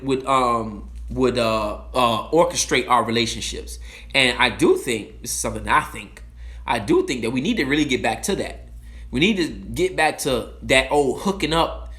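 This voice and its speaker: A man giving an impassioned, profane talk, blunt and emphatic, swinging from loud outbursts to low, slow asides. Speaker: speaker giving a timed talk. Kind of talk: impassioned monologue.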